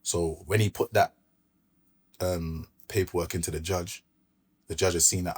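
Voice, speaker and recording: Low husky-voiced London man. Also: steady tone, a little slow. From Brixton, London. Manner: laid-back street slang, recounts events with quoted dialogue. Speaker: podcast guest. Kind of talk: casual storytelling interview.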